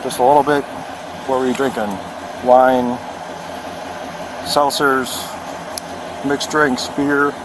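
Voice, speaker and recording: A male police officer at a night roadside stop, talking calmly and steadily as he gives instructions. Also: medium pitch, slow pace, long pauses. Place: outdoors at night by a road. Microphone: body camera. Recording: noisy outdoor bodycam audio.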